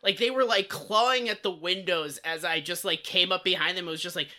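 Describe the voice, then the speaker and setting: Bright-voiced profane podcast man. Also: sits high, a little fast, few pauses. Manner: profane, rambling, many "like" fillers. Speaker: podcast co-host. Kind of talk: casual comedic storytelling.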